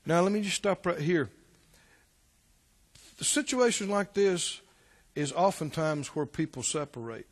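A man's voice: on the high side, animated, a little slow, pauses often, long reverb tail. A man preaching a sermon as a pastor, emphatic and repetitive, firing rhetorical questions at his listeners.

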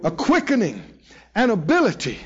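A man preaching to a congregation in a church, his voice pitched very high and swooping widely as he leans on key phrases. He slips into other people's voices to tell his stories. The recording is dull and lo-fi. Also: wildly swooping pitch. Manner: emphatic, call-and-response, drawn-out phrases; storytelling with voiced quotes. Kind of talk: sermon. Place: church hall with live audience.

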